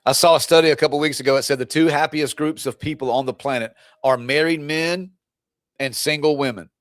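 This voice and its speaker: A man's voice: on the high side, steady tone, brisk, no room sound, clean studio sound. A man who coaches people through divorce, talking on a live stream in a blunt, preachy, fired-up way and teasing his viewers. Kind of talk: live stream pep talk.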